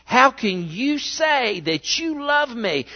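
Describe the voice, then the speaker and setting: A man's voice: extremely high pitch, very animated, slow, pitched above the performer's own voice, heavily acted. Coaxing, manipulative woman, pleading, put on by a male preacher; reverberant, dull recording. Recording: echoey, dull church recording.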